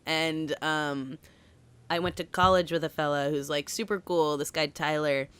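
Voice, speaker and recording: Female co-host from Massachusetts, lower register, animated casual chat with lots of laughs and "like". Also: moderate pace, clear, resonant tone. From Massachusetts, USA. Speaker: podcast co-host.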